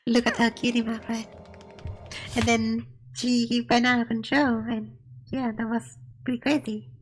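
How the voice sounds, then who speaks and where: A woman's voice: fairly high pitch, level tone, unhurried, faint music behind, poor audio. A woman streamer chatting casually while reacting to cartoon episodes, laughing and often saying not gonna lie. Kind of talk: casual live-stream chat.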